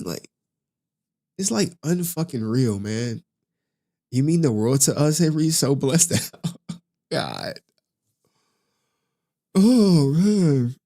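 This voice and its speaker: A man in his forties hosting a casual livestream, swearing often, laughing through his words and getting emotional. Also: a little high. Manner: profane, laughing, emotional, slangy. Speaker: livestream host.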